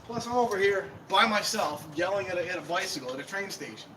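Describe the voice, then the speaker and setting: A man rambles in a loose, casual chat with his viewers, easily drifting from one thought to the next. He is outside near a train station. Clear street noise runs behind his voice. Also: high voice, quick pace. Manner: rambling, talks to viewers while walking about. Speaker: vlogger. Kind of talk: casual live-stream chat.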